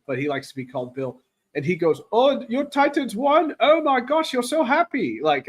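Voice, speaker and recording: A man hosting a casual live football chat, rambling and excitable, reading viewer comments aloud, his throat raw from cheering. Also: on the high side. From Tennessee. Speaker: podcast host.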